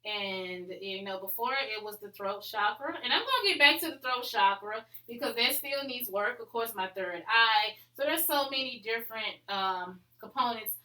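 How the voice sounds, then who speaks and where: A woman podcast host talks in a chatty, upbeat way and fills her speech with plenty of "um"s and "you know"s. Her voice is bright and forward. The recording has a noticeably echoey room sound. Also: fairly high pitch, moderate pace, hardly any pauses. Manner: chatty and upbeat, many fillers. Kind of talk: casual solo podcast talk.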